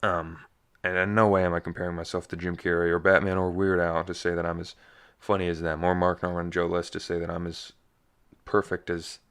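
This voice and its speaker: Young male podcast host, low and smooth, self-deprecating ramble, slightly scratchy voice. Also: completely flat delivery, a little fast, fairly bright tone. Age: young adult. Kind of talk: casual solo monologue.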